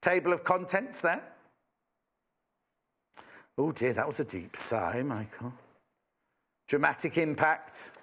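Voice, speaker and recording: A man's voice: fairly high pitch, lively intonation, slow, long pauses, a bit bright, slightly rough. A man from England presenting a live sewing shopping show, chatty and enthusiastic with self-mocking asides. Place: TV studio.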